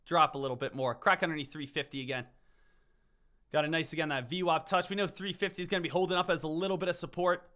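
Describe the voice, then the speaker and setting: A high-pitched, bright male voice calling live stock trades. He chants words over and over and swings between loud hype and forced calm. His tone stays tense and forceful. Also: fast talker. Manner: hyped, repetitive chanting, swings from shouting to calm. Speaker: stock trading streamer. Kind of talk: live trading commentary.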